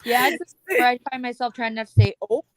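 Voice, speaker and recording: A woman with a Minnesotan accent, a guest chatting lively and laughing easily. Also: on the high side, a little fast. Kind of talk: casual chat.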